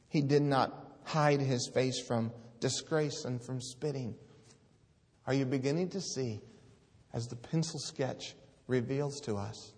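A man's voice: medium pitch, a little mellow, long reverb tail. A man preaching a sermon, earnest and pleading, reading scripture aloud with rising force.

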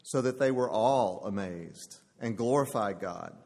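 Slow, low-voiced man reading scripture. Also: darkish tone. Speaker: scripture reader. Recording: long hall reverb.

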